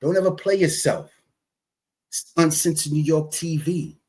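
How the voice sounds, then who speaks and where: A male host giving sarcastic, skeptical commentary in a teasing, drawn-out way. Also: a little high, music in the background.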